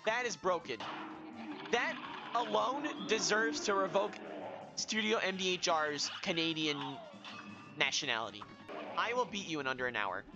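An excitable young man talking through a boss fight, self-mocking and prone to yelling, his voice high and leaping all over. The sound is dull and lo-fi, with loud game music playing underneath. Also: normal speed, long pauses. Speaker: gaming video host. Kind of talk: live let's-play commentary.

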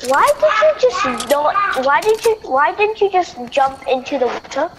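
Woman gamer with a high, bright-pitched voice, excitedly bossing a teammate around over noisy game sound. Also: normal speed. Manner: excited, bossy calls to a teammate. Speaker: gamer playing with a friend. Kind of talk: casual gameplay chat.

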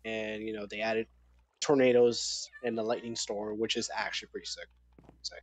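A man's voice: on the low side, level tone, moderate pace, no room sound. Rambling man explaining game updates. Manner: rambling explainer with many fillers. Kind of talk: casual gaming chat.

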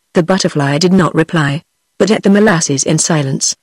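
A woman's voice: sits low, normal speed, breathy edge, no echo. Synthetic British woman reading a fairy tale. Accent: British English. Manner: even, steady text-to-speech reading. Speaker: audiobook narrator. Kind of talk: synthetic audiobook narration.

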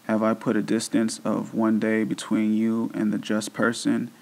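A man reading the lines of a stern almighty male divine judge in a slow, solemn way. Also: on the low side, monotone, darkish tone, lightly acted, poor audio.

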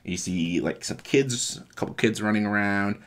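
A man casually retelling a story, animated, laughing and swearing as he goes. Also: fairly low pitch, moderate pace. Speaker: video creator.

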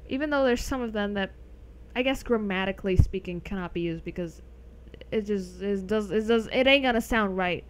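A young adult woman streams a game and chats casually with viewers, rambling and laughing often. Her voice is medium-pitched, fairly quick, and clean in tone.

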